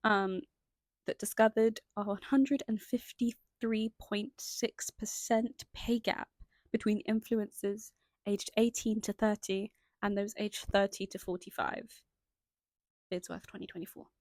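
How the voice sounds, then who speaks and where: A woman's voice: mid-range voice, steady tone, a little slow, a little mellow, no room sound. A young woman narrating a scripted video essay, stopping now and then for chatty, self-conscious asides. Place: indoors at home, lighting changing.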